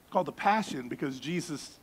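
A man preaching with a somewhat high voice. He is lively and conversational, drops joking asides and leans hard on key words as he delivers his sermon. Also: fairly quick, slightly rough. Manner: animated, joking asides with bursts of emphasis. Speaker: pastor.

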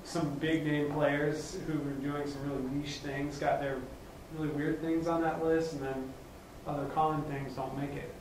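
Man, audience member, casual hesitant questions, slightly high voice, far off in an echoey room. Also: little pitch movement, moderate pace, hardly any pauses, noisy background. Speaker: attendee asking questions. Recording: echoey room, distant mic, faint ambience.

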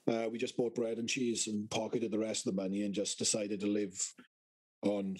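A man's voice: fairly low pitch, level tone, normal speed, darkish tone, slightly rough, poor audio. A British man co-hosting a podcast, telling rambling stories in casual chat and swearing a lot. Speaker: podcast co-host.

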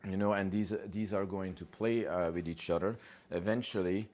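A man with a very low voice gives a lecture on dog behavior. He talks loosely and animatedly, slips into quick voices for what the dogs are thinking, and checks in with his listeners with a steady "yeah?" and "you know.". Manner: animated, acts out dogs' thoughts in quick voices, swears casually. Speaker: dog trainer.

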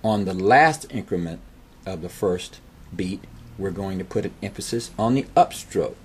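A man's voice: low voice, lively intonation, normal speed, a little mellow, breathy edge. A man teaching a guitar strumming lesson, patiently calling out the strokes while he plays. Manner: patient, counts strums aloud over guitar.

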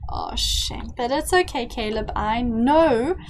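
Brief: young woman, light higher voice, chatty gameplay commentary, coaxing and giggly. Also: unhurried, a little hiss or hum, low-quality recording. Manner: chatty, coaxing, giggly, talks to her characters. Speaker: game streamer. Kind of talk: casual let's-play commentary.

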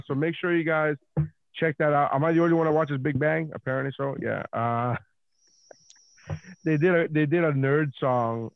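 A man's voice: medium pitch, smooth, dry recording, lo-fi sound. A man hosting a podcast in casual chat, rambling with lots of fillers and swearing freely. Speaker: podcast host.

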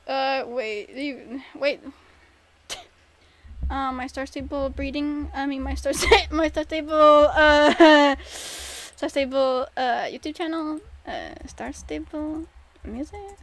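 A young woman streaming a game, chatting casually with her viewers and reacting loudly, from mumbles to shrieks. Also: sits high, takes it slowly, no echo. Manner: expressive, swings between mumbling and shrieking in frustration; reads chat questions aloud and answers. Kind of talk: casual gameplay commentary to chat.

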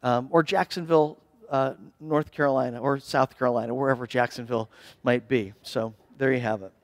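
A man's voice: mid-range voice, fairly even intonation, a little fast, no room sound, studio quality. A man preaching a sermon in church as pastor, earnest and building to impassioned appeals.

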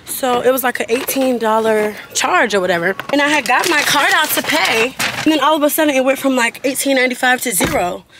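A woman's voice: sits high, brisk, few pauses. Chatty teen girl vlogging, noisy background. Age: teens. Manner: chatty, animated, addresses viewers as y'all. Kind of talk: casual vlog chat to viewers. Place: in a car and around a shopping area. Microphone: handheld vlog camera. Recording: noisy handheld vlog recording.

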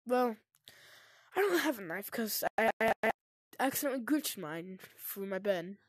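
A young woman chatting casually while playing a VR zombie game, jumpy and quick to shriek when scared. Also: medium pitch, animated, no echo. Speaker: gamer. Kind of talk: casual VR gameplay commentary.

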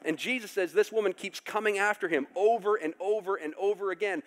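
Man, pastor, animated sermon, acts out voices, slightly high voice. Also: brisk, few pauses. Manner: animated, acts out characters with loud outbursts.

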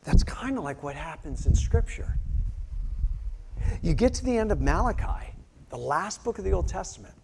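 A male pastor preaching a sermon, telling stories animatedly and acting out quotes, swinging from loud outbursts to hushed near-whispers. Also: a little high, big pitch swings, moderate pace, gravelly, long pauses, background noise.

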